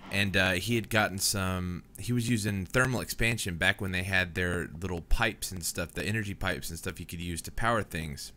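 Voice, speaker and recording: Young dude narrating his game, kinda low but bright and edgy voice, laid back, keeps saying man. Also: normal speed, hardly any pauses, slight background noise. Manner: rambling, easygoing, says "man" and "dude" a lot. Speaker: gaming channel host. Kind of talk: casual let's play commentary.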